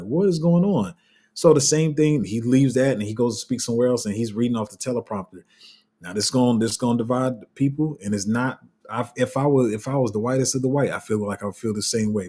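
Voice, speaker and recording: Husky-voiced man ranting on a livestream. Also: mid-range voice, a little mellow. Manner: passionate, heated ranting with many restarts. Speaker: crypto channel host. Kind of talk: casual livestream commentary.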